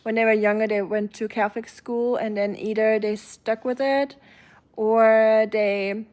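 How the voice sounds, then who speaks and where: A woman's voice: a little high, fairly even intonation, measured pace, darkish tone. Chatty German-accented woman streamer. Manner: chatty, reads out and answers chat comments. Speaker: live streamer. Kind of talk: casual live-stream chat.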